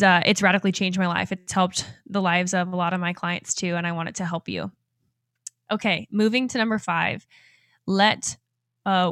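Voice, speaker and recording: A woman in her twenties hosting a motivational podcast, energetic and enthusiastic and quick to laugh. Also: mid-range voice, no echo, studio quality. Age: 20s. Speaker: podcast host and life coach. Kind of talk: upbeat motivational podcast talk.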